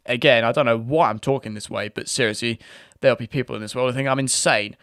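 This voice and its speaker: A man's voice: medium pitch, steady tone, quick pace, a bit bright, clean tone, no room sound, clean studio sound. A British man hosting a casual online video, talking in a chatty, rambling way with frequent restarts. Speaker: YouTube host. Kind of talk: casual commentary.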